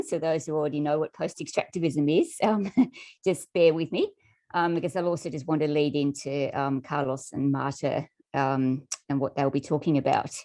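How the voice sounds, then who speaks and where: Low-voiced woman giving a hesitant talk. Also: darkish tone. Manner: casual, hesitant, laughs lightly, many ums. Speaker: guest speaker. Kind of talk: presentation with slides.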